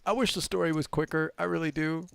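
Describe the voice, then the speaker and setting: A man doing live poker commentary and telling animated stories, laughing as he goes. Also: a little high, fast talker, vocal fry, clear, resonant tone. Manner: animated storyteller, laughs through anecdotes.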